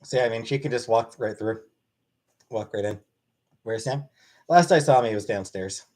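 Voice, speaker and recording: A man's voice: mid-range voice, moderate pace, a little mellow. A man casually answering questions from his live-stream chat in a blunt, offhand way.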